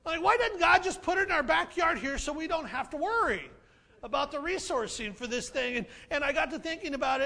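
This is a lively, animated sermon from a male pastor whose voice is high, gravelly, bright and forward. Playful in manner, he keeps repeating key phrases so his points land.

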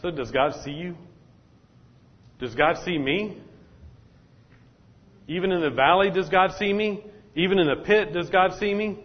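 A man's voice: sits high, unhurried, long pauses. A man preaching a sermon as pastor, talking straight to the congregation and repeating his points. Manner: repetitive, call-and-response preaching. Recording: dull, echoey hall sound.

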